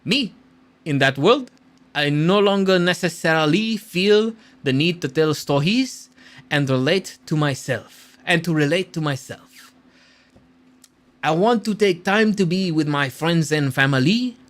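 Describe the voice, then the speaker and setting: A man's voice: fairly high pitch, unhurried, fairly bright tone. A man voicing a tired, disillusioned French-speaking filmmaker in a put-on French accent, with a heavy, mock-somber delivery. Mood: weary.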